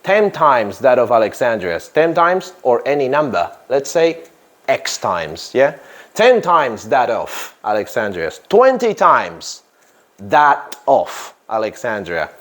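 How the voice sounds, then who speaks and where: A man teaching an English grammar lesson in a classroom, speaking deliberately, stressing key words and quizzing his students. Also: medium pitch, very animated, fairly bright tone.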